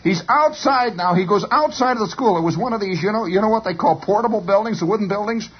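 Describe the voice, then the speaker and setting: A man telling a long rambling story on the radio, animated and stammering, on a dull lo-fi broadcast. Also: high-pitched, fast, husky. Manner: animated, stammering repetitions, chuckling.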